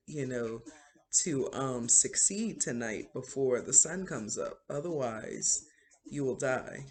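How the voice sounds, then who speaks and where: A stern witch giving a deadly warning, as a man tells it. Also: mid-range voice. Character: stern threatening witch woman.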